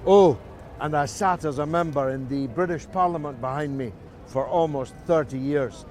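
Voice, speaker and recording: A man's voice: a little high, normal speed, darkish tone, a little hiss or hum. A man in his sixties with a Scottish accent, giving a scripted to-camera introduction as a presenter in a dramatic orator's delivery.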